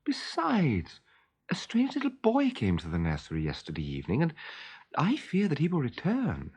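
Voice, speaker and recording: A man reading a storybook aloud and voicing a gentle, worried mother who pleads softly. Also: on the high side, wildly swooping pitch, moderate pace, husky, pitched above the performer's own voice, heavily acted.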